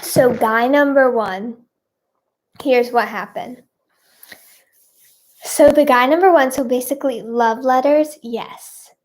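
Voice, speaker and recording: Young woman, high voice, bubbly, rambling, casual live-stream chat. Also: slow, long pauses.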